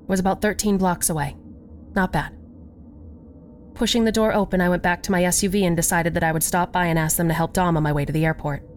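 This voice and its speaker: A woman narrating a first-person horror story in a slow, measured storytelling voice. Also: lowish voice, steady tone, faint music behind.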